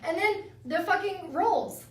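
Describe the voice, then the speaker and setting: A high-voiced woman teases her co-host and tells stories with lively energy, swearing often. She sits a bit back from the mic, and the room adds a clear echo. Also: measured pace, far from the mic. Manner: teasing, animated storytelling, lots of swearing. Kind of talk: casual banter.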